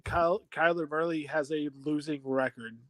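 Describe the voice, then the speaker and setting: A man's voice: on the high side, steady tone, moderate pace, fairly bright tone, no echo. A man co-hosting a sports podcast, telling stories and teasing his co-hosts in casual banter. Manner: storytelling, teasing. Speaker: podcast co-host.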